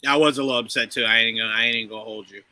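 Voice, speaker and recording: A man co-hosting a casual podcast chat, animated and laughing often as he acts out his reactions. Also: medium pitch, rapid-fire, no room sound, poor audio. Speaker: podcast co-host.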